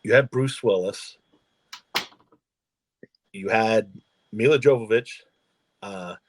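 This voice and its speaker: A man co-hosting a casual podcast, speaking in a relaxed and agreeable way, reflecting at length. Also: on the low side, takes it slowly, slight background noise. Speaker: podcast co-host. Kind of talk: casual chat.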